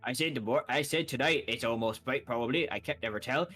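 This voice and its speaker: A man voicing a gruff male shopkeeper with a put-on Brooklyn accent and a smoky, gravelly voice, rambling as he haggles over prices in a tabletop game. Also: mid-range voice, quick pace, pushed and bright, faint music behind. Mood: haggling. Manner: rambling, haggling, self-correcting. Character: gruff male human shopkeeper, haggling chain-smoker type.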